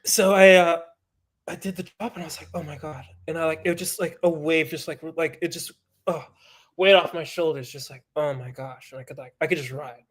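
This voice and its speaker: A man's voice: fairly high pitch, brisk. A man, a pro mountain biker, telling a story in casual chat with swearing and acted-out quotes. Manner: animated, swears, acts out quoted voices.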